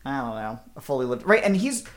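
A woman with a strikingly deep voice co-hosts a casual podcast. She gives opinionated, wry takes and tosses in profane asides. A faint hum of noise sits under her voice. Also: big pitch swings, fast. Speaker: podcast co-host. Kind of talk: casual chat.

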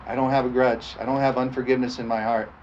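A man's voice: medium pitch, flat delivery, fast talker, darkish tone. A middle-aged male preacher delivers a sermon in an ordinary mid-range voice, punctuating nearly every point with a questioning "amen?" and bursts of laughter. The recording is dull and lo-fi, with a faint hiss underneath. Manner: repeats "amen?" as call for response, laughs often. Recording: dull lo-fi sound with faint noise.

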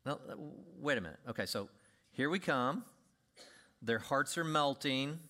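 A male pastor preaching a sermon, animated, acting out scenes with big swings in pitch and volume. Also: unhurried.

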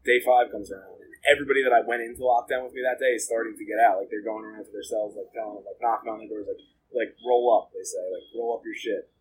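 A man's voice: lowish voice, level tone, very fast, a little hiss or hum, poor audio. A man being interviewed, telling his own story in a blunt, profane, rambling way with lots of filler words. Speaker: interview guest. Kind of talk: candid storytelling about jail and addiction.

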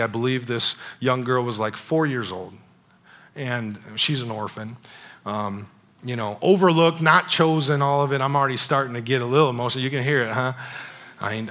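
Bright-voiced man preaching conversationally. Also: medium pitch. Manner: conversational and animated, repeats phrases, frequent "you know what I'm saying". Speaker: pastor. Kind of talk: casual, storytelling sermon.

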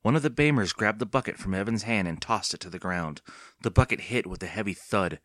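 A man narrating a children's horror book as an audiobook reader, steady and expressive. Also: on the low side, brisk, dry recording, clean studio sound. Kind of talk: scripted storybook narration.

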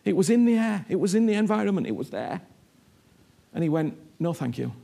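Gravelly high-voiced preacher man. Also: animated, brisk. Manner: emphatic, repeats words, voices imagined speakers, drops low and soft in prayer. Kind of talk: sermon with prayer.

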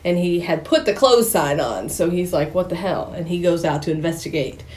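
A woman's voice: lowish voice, lively intonation, a little fast, a little mellow. A woman co-hosting a podcast, retelling a movie plot in casual chat, acting out the characters' lines and laughing often. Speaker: podcast co-host.

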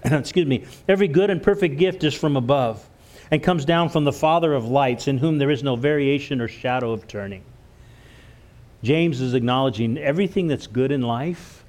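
A man's voice: medium pitch, normal speed, a little mellow. A man preaching a church sermon, earnest, stumbling over and repeating words as he goes. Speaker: pastor.

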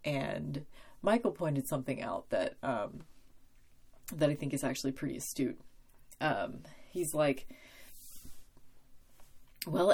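Young woman, podcast host, low voice, rambling, self-deprecating, casual. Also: a little mellow. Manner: rambling, self-deprecating, with frequent laughs and fillers. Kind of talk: casual solo podcast commentary.

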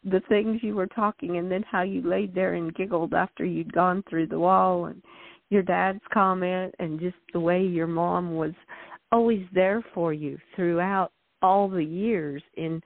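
A woman's voice: fairly low pitch, fairly even intonation, measured pace, vocal fry, dry recording. A woman hosting an interview, reacting with gushing exclamations. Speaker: host. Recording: dry tinny phone line.

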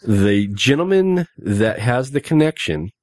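A man's voice: mid-range voice, very animated, unhurried, no room sound. Guy hosting a podcast after getting two back teeth pulled, rambling, dry close sound. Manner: rambling, with many fillers and restarts. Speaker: podcast host. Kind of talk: casual podcast chat.

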